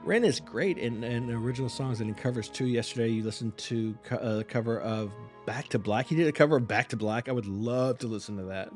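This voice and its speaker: A man's voice: medium pitch, fairly quick, hardly any pauses, darkish tone, soft background music. A man hosting a live reaction stream, chatting casually with viewers in a rambling, apologetic and self-mocking way.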